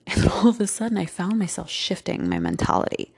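A woman hosting a gentle self-help talk, rambling with many fillers and slipping into whispered asides. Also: on the low side, huge pitch swings, quick pace, hardly any pauses, breathy edge. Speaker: host.

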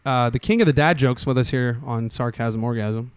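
A man's voice: mid-range voice, moderate pace, noisy background. A man in his thirties hosting a casual podcast, swearing freely, joking and ranting. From Austin, Texas area resident. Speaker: podcast host.

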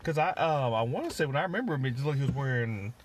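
A man's voice: mid-range voice, expressive, rapid-fire, slight background noise. A man co-hosting a casual podcast, rambling with many fillers and restarts as he chats. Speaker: podcast co-host. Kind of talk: casual chat.

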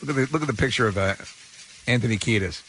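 A man co-hosting a radio show, chatting in banter with quick asides and questions from the studio. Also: mid-range voice, a bit bright, a little hiss or hum, rough recording. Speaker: radio co-host.

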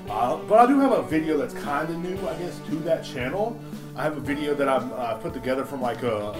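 Swearing, rambling male podcaster. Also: medium pitch. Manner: rambling, heavy swearing, emphatic outbursts. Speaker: podcast host. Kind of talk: casual profane rant.

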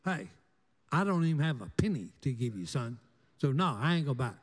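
A man's voice: mid-range voice, big pitch swings, brisk, long reverb tail, pitched below the performer's own voice. A man voicing a stubborn mother of seven who firmly turns a salesman away.

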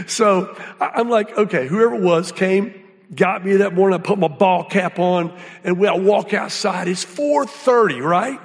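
Animated preacher man in a big hall. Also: high-pitched, moderate pace, creaky. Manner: animated storytelling, folksy, drops to hushed awe. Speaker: guest speaker. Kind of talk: sermon. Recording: hall reverb.

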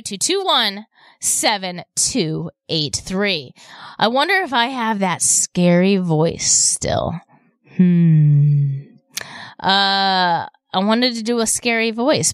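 A woman hosting a radio shopping show, pitching deals and taking calls in upbeat, repetitive sales patter. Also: expressive, takes it slowly, fairly bright tone, no echo.

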